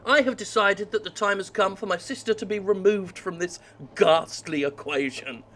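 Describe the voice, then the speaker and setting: A man's voice: high voice, normal speed, pushed and bright, slight background noise, pitched above the performer's own voice. A man reading the lines of a scheming young heir in a game, with a slight sinister air. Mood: smug.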